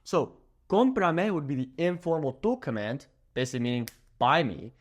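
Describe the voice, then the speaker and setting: A young man, a native English speaker, teaching Spanish pronunciation in an upbeat way, slowing down to spell out words and checking in with "okay?". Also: fairly high pitch, big pitch swings. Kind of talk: energetic language lesson.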